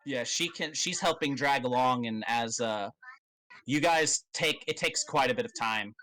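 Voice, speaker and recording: A man narrating as game master of a tabletop game, in a loose, halting way with many fillers and casual swearing. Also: mid-range voice, bright, forceful tone, low-quality recording.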